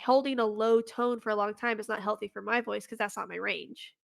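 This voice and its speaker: Gravelly-edged woman, dry sound. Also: mid-range voice, fairly even intonation, fairly quick, dry recording. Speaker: vocalist. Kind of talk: casual group chat.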